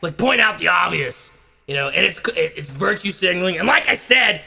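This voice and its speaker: A man doing a parody impression of a bombastic radio host, with a gravelly, raspy voice, blustering and bursting into shouts between halting, filler-heavy stretches. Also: high voice, expressive, heavily acted. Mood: ranting. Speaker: comedian doing a parody rant. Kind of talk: comedic impression rant.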